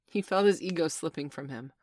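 A woman with a low voice narrates a storybook in an expressive, dramatic way. The recording is close and dry, with no echo. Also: a little fast. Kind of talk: storybook reading.

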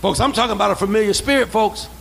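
A man preaching a sermon as pastor, calling for amens, acting out quoted voices and rising into shouts. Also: high-pitched, very fast, gravelly, slight background noise, poor audio. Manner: preaching with call-and-response, building to shouts; acts out quoted voices in asides. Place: church sanctuary.

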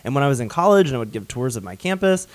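A man's voice: mid-range voice, big pitch swings, very fast, no echo. Casting: young Southern man, talkative podcast co-host, dry close sound. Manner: chatty, laughs often, many restarts. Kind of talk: casual chat.

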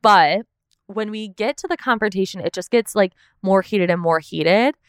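A woman's voice: mid-range voice, normal speed, smooth, no echo, clean studio sound. A young woman hosting a casual recap podcast, chatty and full of "like" fillers.

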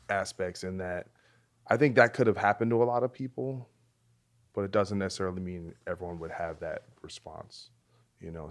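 A man hosting a podcast interview, responding reflectively with halting restarts. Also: lowish voice. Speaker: podcast host. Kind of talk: conversational interview.

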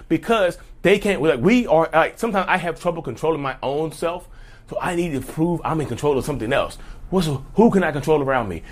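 A man's voice: on the high side, animated, fairly quick. Male vlogger, casual colloquial advice, repeats himself, calls viewers y'all. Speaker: channel host.

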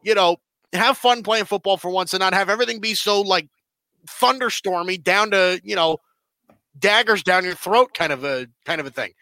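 A man's voice: high-pitched, normal speed, bright, forceful tone, no echo. A man co-hosting a sports podcast, talking casually and rambling with lots of fillers and restarts.

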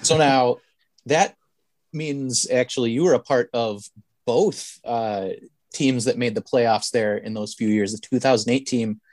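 A man's voice: mid-range voice, fairly even intonation, unhurried, darkish tone, no echo. A man interviewing a guest, asking questions in a friendly, loose way.

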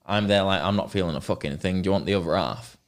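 A man's voice: deep voice, quick pace. A young man telling a rambling, sweary story in casual chat as a podcast co-host.

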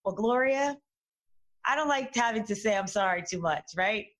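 A woman talking candidly in a casual conversation, animated, with many restarts and fillers. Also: medium pitch, moderate pace.

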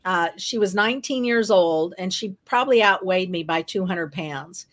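A woman's voice: on the low side, moderate pace. Earnest woman author telling her story. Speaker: author and interview guest. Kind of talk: storytelling in a podcast interview.

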